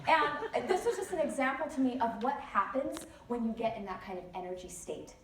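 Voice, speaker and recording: A woman speaker giving a lively motivational talk at a conference, telling stories with many chatty asides. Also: a little high, fairly quick. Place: large conference hall. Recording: echoey hall, distant mic, faint noise.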